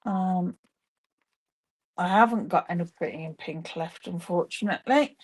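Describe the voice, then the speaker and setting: This woman, on a live stream from her home craft room, demonstrates card making while chatting away to her viewers. Her voice is lowish, slightly rough, and a little slow.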